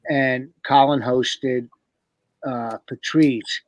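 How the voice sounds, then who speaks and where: Male comic, unhurried and rambling, salty language, dry close sound. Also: medium pitch, steady tone, dry recording. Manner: slow, profane, rambling recollection. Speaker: comedian guest. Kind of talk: casual round-table chat.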